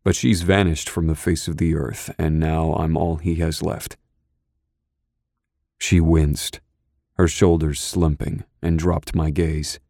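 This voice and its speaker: A man's voice: very deep voice, gravelly, mellow, no room sound, clean studio sound. A man narrating an audiobook in the first person, brooding, intense and controlled.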